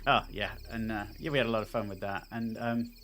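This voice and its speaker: A man's voice: lowish voice, fairly even intonation, fast, a bit bright, slight background noise. A man, a game developer, chatting casually on a stream and reading a game's story aloud with playful asides. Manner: rambling with fillers, playful asides. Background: game music.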